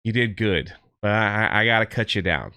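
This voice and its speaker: A man voicing a male elf laborer who talks in an earnest, halting way. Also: very high voice, bright, forceful tone, pitched above the performer's own voice, exaggerated voice. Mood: solemn.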